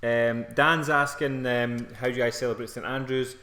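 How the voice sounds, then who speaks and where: A Scottish man chats loosely on a live stream, laughing between lines and reading out viewer questions. His voice sits at a middle pitch and rings in a roomy, echoey space. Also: fairly even intonation, moderate pace, sharp tone. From Scotland. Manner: jokey, laughs often, reads viewer comments aloud. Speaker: fitness coach co-host. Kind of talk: casual live-stream chat. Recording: roomy echo.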